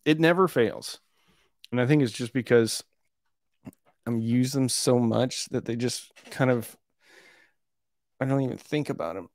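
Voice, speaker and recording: Hosting a live stream on audio gear, this man talks in a loose, rambling, relaxed manner and often pokes fun at himself. His mid-range voice moves unhurriedly, with frequent pauses.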